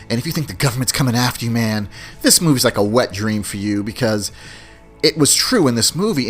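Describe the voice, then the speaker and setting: A man with a fairly low, slightly bright voice hosts a podcast in a casual, rambling monologue. He's chatty and loose, often tossing in "man" and "you know."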